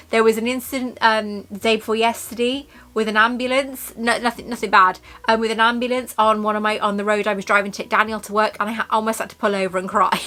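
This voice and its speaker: A woman's voice: on the high side, sharp tone. A woman from the UK chatting casually in a haul vlog, gushing and rambling and laughing often. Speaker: vlogger.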